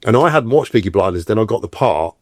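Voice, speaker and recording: Dry and clean, the studio recording features a middle-aged man whose voice is on the low side and whose pace is quick. He's an actor guest in a casual interview, animatedly telling stories and acting out the voices he quotes.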